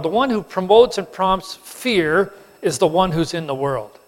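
A man preaching a sermon, telling the story with animated emphasis and acting out the characters. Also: sits high, moderate pace, few pauses. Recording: long hall reverb.

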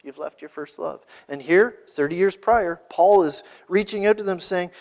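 A man's voice: high-pitched, moderate pace, creaky, hardly any pauses, a little mellow. A man preaching a sermon, asking rhetorical questions and building to emphatic peaks. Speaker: pastor.

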